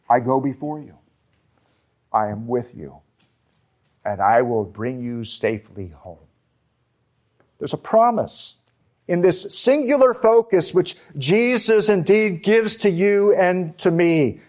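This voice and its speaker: A man preaching a sermon, slow and emphatic, with deliberate pauses on key words. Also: a little high, lively intonation, a little mellow. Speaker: pastor.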